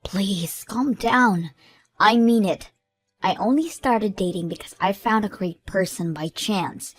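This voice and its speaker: A woman voicing a calm, patient young bride-to-be. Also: mid-range voice, slow, faint music behind. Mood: pleading. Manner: soothing, reasonable. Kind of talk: animated story voice acting.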